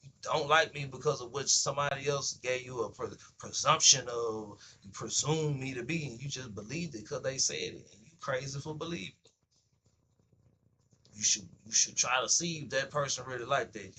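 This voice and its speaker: With a mid-range voice that sounds pushed and bright, this livestream host speaks at a normal speed over slight background noise. He delivers a casual stream monologue, cursing and using street slang bluntly while voicing both sides of ordinary conversations.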